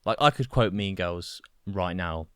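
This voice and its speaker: Male podcast co-host, low smooth voice, easygoing jokey chat. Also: unhurried, no room sound, studio quality. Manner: chatty, joking, slips into put-on accents. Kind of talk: casual chat.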